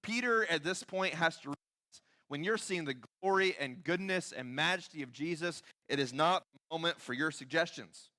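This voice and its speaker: A man delivers a sermon in a church with a bright, forceful voice pitched slightly above most men. He preaches conversationally, acting out quoted voices and sinking to quiet, intense emphasis at key points. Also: moderate pace. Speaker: pastor. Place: church sanctuary.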